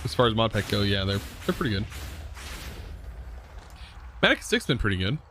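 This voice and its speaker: A young man live streaming, chatting casually with viewers in a relaxed, rambling way full of fillers and restarts. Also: fairly low pitch, brisk, a little hiss or hum. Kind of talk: casual chat reading viewer comments.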